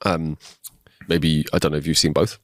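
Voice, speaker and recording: A man's voice: rumbling low, little pitch movement, moderate pace, a bit bright, no room sound, studio quality. A young man co-hosting a podcast, chatting casually and enthusiastically, now and then swearing. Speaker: podcast co-host. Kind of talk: casual chat.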